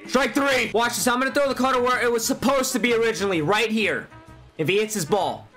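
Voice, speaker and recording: A young man commentating his own baseball video game, excitable, swearing and yelling at the players. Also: very high-pitched, fast, soft background music. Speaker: gaming YouTuber. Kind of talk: live gameplay commentary.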